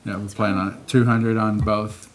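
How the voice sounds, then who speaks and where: A man with a lowish voice chairs a city board meeting. He moves things along briskly, with light jokes. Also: level tone. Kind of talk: chairing a public work session.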